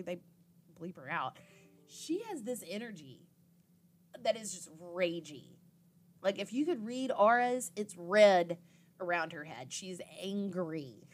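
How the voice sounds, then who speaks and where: A woman's voice: medium pitch, lively intonation, unhurried. A young woman hosting a podcast, casually recapping an episode in a chatty way, full of "like" and acted-out quotes. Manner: chatty, filler-heavy with frequent "like" and quoted reactions. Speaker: podcast host.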